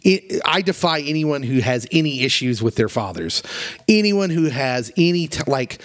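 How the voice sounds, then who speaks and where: A man's voice: medium pitch, big pitch swings, moderate pace, no room sound. A man co-hosting a podcast, earnestly retelling a story in casual chat with plenty of feeling. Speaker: podcast co-host.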